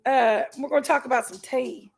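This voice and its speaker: A woman's voice: sits high, normal speed, vocal fry, rough recording. A woman hosting a casual livestream, chatty and folksy, greeting viewers by name while feeling unwell with an upset stomach. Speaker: livestream host.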